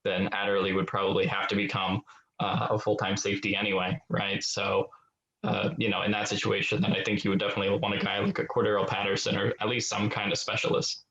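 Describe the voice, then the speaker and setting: A man's voice: on the low side, completely flat delivery, fast, a bit bright, highs cut off. A man co-hosting a sports podcast, talking in an easygoing way with frequent fillers. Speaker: podcast co-host. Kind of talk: casual sports podcast chat.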